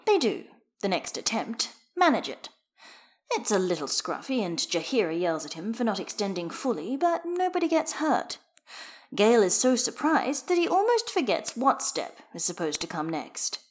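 Woman reading a story with a lively voice. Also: mid-range voice, moderate pace. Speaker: audiobook reader. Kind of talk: reading fan fiction aloud.

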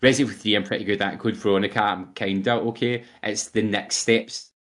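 A man's voice: lowish voice, steady tone, fairly quick, fairly bright tone. A young man co-hosting a podcast, chatting casually and rambling through gaming stories. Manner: chatty and rambling, quoting game lines in put-on voices. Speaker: podcast co-host. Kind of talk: casual chat.

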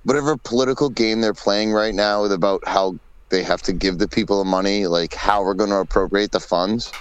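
A man's voice: fairly low pitch, fairly even intonation, a little fast, clean tone, no room sound, poor audio. A man co-hosting a podcast in casual chat, blunt, opinionated and profane. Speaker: podcast co-host.

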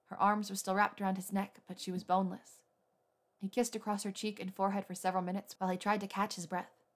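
A woman reader narrating a romance story in a steady, intimate way. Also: medium pitch, fast. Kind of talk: scripted fan fiction narration.

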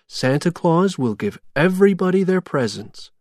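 Narrator doing soft, hesitant Sally. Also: medium pitch, very animated, normal speed, dry recording, studio quality, voice pushed up, natural voice. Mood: reassuring. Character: shy kind rag-doll woman Sally.

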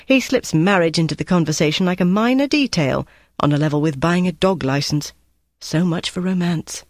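A narrator voicing a tough, tired female wartime agent who speaks briskly and wryly. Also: medium pitch, dry recording, studio quality, natural voice.

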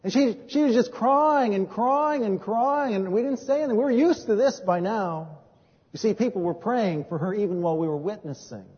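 A man preaching as a pastor, telling stories from his ministry and moving between hushed and emphatic delivery. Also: high voice, expressive, moderate pace, husky. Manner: storytelling, swings from hushed to emphatic. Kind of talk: sermon with personal testimony. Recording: dull recording in a reverberant hall.

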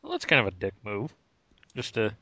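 A man bantering on a podcast, quick with jokes and laughing easily. His voice is bright and forward, and the recording is dry and close. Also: on the low side, huge pitch swings, dry recording. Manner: joking, laughs often. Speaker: podcast co-host. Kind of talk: casual banter.

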